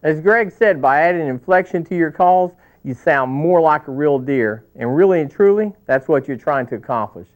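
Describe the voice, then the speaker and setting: A man's voice: a little high, animated, normal speed, hardly any pauses. A man hosting an instructional video, presenting in a folksy scripted way and calling himself a cowboy. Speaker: video host. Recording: tinny, phone-like old VHS sound.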